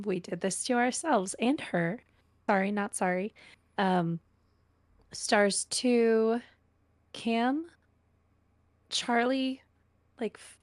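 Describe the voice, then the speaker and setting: A woman's voice: fairly high pitch, no echo. A woman giving playful, meandering praise to fellow players after a tabletop session, hesitant and full of fillers. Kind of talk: casual post-session chat.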